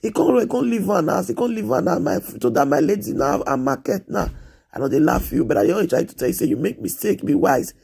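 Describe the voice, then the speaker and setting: A Nigerian woman in her thirties talks to her live stream viewers in a casual, earnest way, coming back again and again to the same plea. Her voice is husky and mellow, with a gravelly edge that comes and goes. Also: lowish voice, sing-song, a little fast. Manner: repetitive, pleading, earnest. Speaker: live streamer giving advice.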